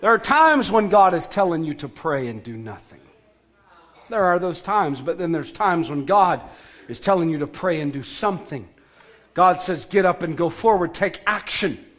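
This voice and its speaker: A man preaching a sermon as pastor, emphatic, with shouted calls to action and sudden soft, low passages. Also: very animated, moderate pace.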